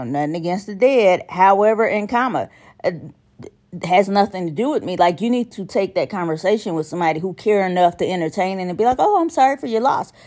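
A young woman with a slightly low voice holds forth in a casual monologue. She is blunt and exasperated, and she mimics other people's messages in exaggerated voices. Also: darkish tone.

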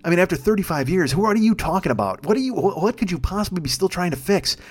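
A man's voice: sits high, lively intonation, quick pace, breathy edge. A man hosting a podcast on his own, rambling in a profane, self-deprecating monologue full of restarts. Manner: frequent restarts and stammers. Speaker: podcast host. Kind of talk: casual solo monologue.

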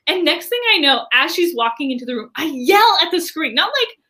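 A high-pitched woman with a bright, forceful tone tells a story as an interview guest. She talks in a chatty, expressive way, scattering "like" through her sentences. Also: brisk. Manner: chatty, frequent filler "like", expressive. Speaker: entrepreneur and podcast guest. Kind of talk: animated storytelling in conversation.

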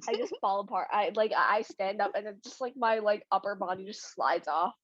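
A woman's voice: medium pitch, brisk, a bit bright, no echo. Rambling woman podcaster, muffled and dry. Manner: rambling, lots of "like" and restarts. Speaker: podcast co-host. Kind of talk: casual podcast chat. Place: home. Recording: dry, slightly muffled lo-fi recording.

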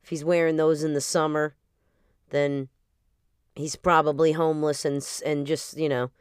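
A woman's voice: sits low, little pitch movement, normal speed, clear, resonant tone, no room sound, studio quality. A woman from New Jersey with a New Jersey accent, hosting a casual solo podcast in a brash, profane and playful way. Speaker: podcast host.

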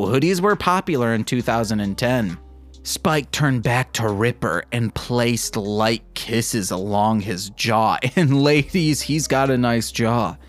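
Slow-reading man with wry asides. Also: medium pitch. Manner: wry, self-mocking commentary between read passages. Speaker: podcast host. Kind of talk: reading fan fiction aloud with joking asides.

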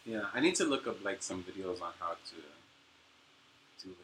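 A man with a New York accent, co-hosting a podcast in casual chat. He talks in an animated, bubbly way and laughs often. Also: deep voice, moderate pace, slight background noise, poor audio. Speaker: podcast co-host.

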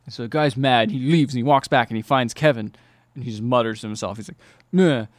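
A man hosting a podcast, recapping a film plot in a rambling, halting way with many fillers. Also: mid-range voice, steady tone, dry recording. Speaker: podcast host.

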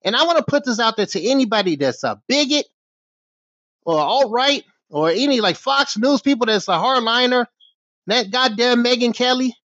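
A man's voice: very high-pitched, lively intonation, normal speed, a bit bright, no echo. Heated American man, foul-mouthed vlog rant, dull dry lo-fi sound. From United States. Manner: angry, profane, heated ranting. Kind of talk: ranting vlog monologue.

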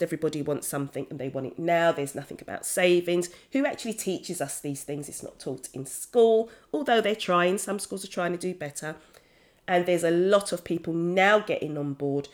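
A woman in her fifties, an accountant hosting a podcast, telling her own story in a chatty, candid way with frequent self-corrections and asides. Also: deep voice. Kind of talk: personal storytelling monologue.

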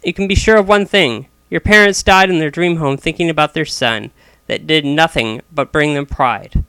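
A man's voice: fairly high pitch, normal speed, sharp tone, clear, resonant tone, dry recording. A man voicing a stubborn, blunt retired father in his sixties who scolds and swears, in a read-aloud story. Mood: gruff.

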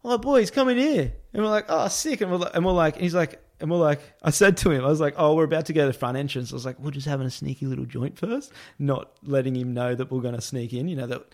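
Man telling a lively, laugh-filled story. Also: mid-range voice, fast talker, hardly any pauses. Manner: animated, quotes others in a raised voice with many "I'm like" asides. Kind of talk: casual anecdote telling.

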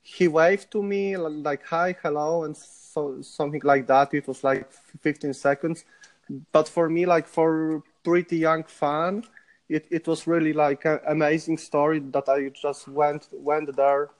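A man with a Polish accent, a podcast guest telling stories in a halting way with many restarts. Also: on the high side, fairly even intonation. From Poland. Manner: halting, many repeated starts. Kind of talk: casual interview.

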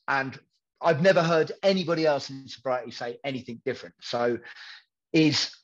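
Male guest, higher voice, candid rambler who acts out quotes; dull lo-fi audio. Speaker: podcast guest in recovery. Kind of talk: candid conversational storytelling.

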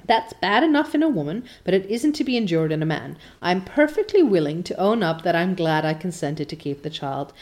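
A woman's voice: on the low side, sing-song, fairly quick, hardly any pauses, a little mellow. A woman reading aloud as a strict older spinster guardian who talks in a clipped, scolding way. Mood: grudging.

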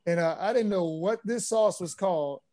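A man being interviewed on a podcast as a former pro basketball player, telling stories in a relaxed way with plenty of fillers. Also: high voice, moderate pace. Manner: relaxed storyteller, easygoing with frequent fillers.

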